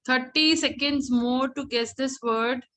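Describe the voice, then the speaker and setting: A middle-aged woman with an Indian English accent teaches an online grammar class. She speaks in a slightly high voice, praising answers and now and then slipping into Hindi. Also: steady tone, a little slow, fairly bright tone, rough recording. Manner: encouraging, mixes in Hindi phrases.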